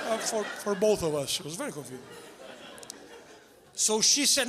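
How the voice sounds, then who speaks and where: A man's voice: high voice, moderate pace, long pauses, a crowd in the background. A man performing a stand-up comedy set, acting out the voices in his stories. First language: Portuguese. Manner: animated storytelling, acts out voices, shouts for punchlines. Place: theater stage before a live audience.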